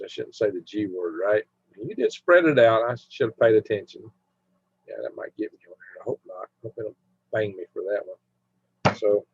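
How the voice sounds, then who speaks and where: A man runs a casual live stream, rambling and chatting with viewers while humming to himself as he browses. His medium-pitched voice is husky, with no echo, picked up by a dull lo-fi mic.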